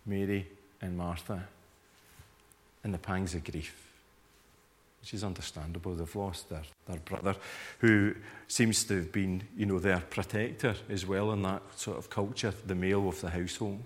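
A man preaching a sermon in a low, conversational voice. He keeps asking listeners to picture themselves in the scene, and a long hall reverb trails after each phrase. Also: steady tone, normal speed. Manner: conversational, invites listeners to imagine the scene, acts out reactions.

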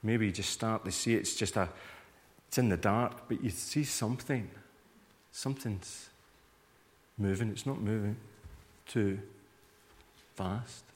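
A man's voice: fairly low pitch, a little slow, pauses often. A male preacher giving a sermon in a conversational manner, inviting listeners to imagine themselves in the scene. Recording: long hall reverb.

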